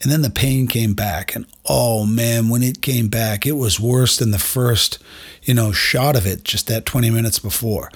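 A man's voice: medium pitch, normal speed, slightly rough. A middle-aged man hosting a podcast, telling a personal story in a candid, self-deprecating way and speaking straight to his listeners. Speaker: podcast host.

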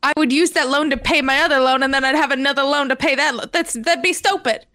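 A woman's voice: high-pitched, quick pace, pushed and bright, dry recording, clean studio sound. A young woman co-hosting a podcast, telling exasperated stories and swearing freely in casual chat. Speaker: podcast co-host.

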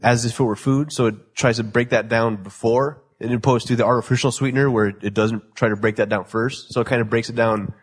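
Laid-back husky man joking around. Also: mid-range voice, steady tone, fairly quick, few pauses. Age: 20s. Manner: loose, joking, laughs often. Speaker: podcast host. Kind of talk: casual chat.

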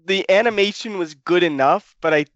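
A man chatting casually about a film, halting and repeating words as he thinks. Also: high-pitched, a bit bright, no echo. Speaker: podcast co-host. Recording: dull, lo-fi dry mic.

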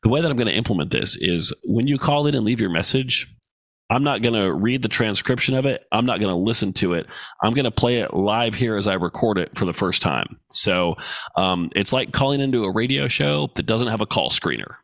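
Low gravelly male podcast host. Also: animated, fairly quick, fairly bright tone, dry recording. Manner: blunt, profane and joking. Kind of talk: casual solo podcast talk. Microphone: studio microphone with headphones.

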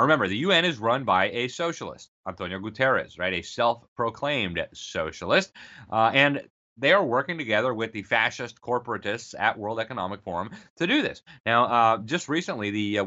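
A man's voice: on the low side, bright, forceful tone, highs cut off. A man giving an emphatic, sarcastic political commentary, speaking straight to his listeners and calling them folks.

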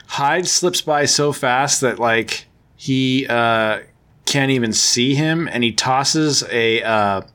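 A man's voice: mid-range voice, a bit bright, clean tone. A man hosting a podcast, recapping a comic book story in a casual, rambling way, full of fillers and self-corrections. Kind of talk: casual chat.

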